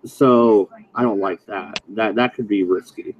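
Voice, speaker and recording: A man's voice: fairly low pitch, fairly even intonation, unhurried, slight background noise, rough recording. A man in casual chat on a voice call, laid-back, swearing and laughing at his own stories. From Oregon, USA.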